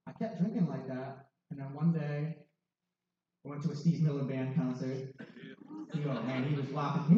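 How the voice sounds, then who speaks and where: A young man in his twenties sharing a candid personal testimony with wry, self-mocking humor. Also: on the high side. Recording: distant, dull, very echoey hall.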